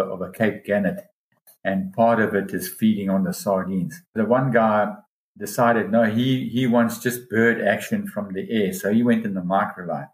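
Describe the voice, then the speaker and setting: A man with a fairly low voice tells a long diving story in a relaxed interview. He gets animated and jumps up in pitch when he quotes other people. The room has a noticeable echo. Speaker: dive guide telling a story. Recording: roomy echo.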